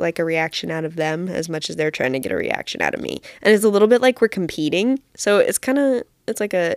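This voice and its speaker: A woman's voice: mid-range voice, no room sound. Young woman, podcast host, casual storytelling, self-deprecating, giggly, dry recording. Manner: chatty, self-deprecating, laughs often.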